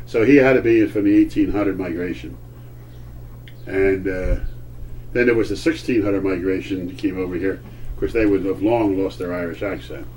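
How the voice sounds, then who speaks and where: An older man, a grandfather, telling family history in a halting way, often searching for words and repeating himself. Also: low voice, darkish tone. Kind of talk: casual storytelling at home. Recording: distant old home recording with faint hiss.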